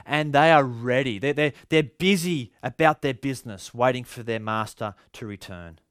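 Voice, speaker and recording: A man's voice: on the high side, moderate pace, few pauses, fairly bright tone, smooth, no room sound, clean studio sound. A male pastor with an Australian accent, giving a sermon in a conversational, storytelling way with frequent restarts.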